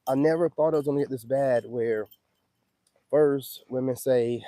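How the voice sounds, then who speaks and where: A man's voice: mid-range voice, normal speed, dark tone, no echo. A man chatting casually on a livestream, loose and emphatic, who keeps asking whether the listener follows him. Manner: loose, emphatic, keeps asking "you know what I'm saying". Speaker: livestream host.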